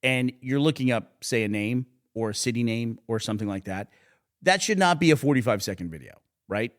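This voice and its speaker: A man's voice: medium pitch, a little fast. A man co-hosting a podcast, telling stories in casual chat and laughing often. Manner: animated storytelling, laughing often, mocking voices for quotes. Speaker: podcast co-host.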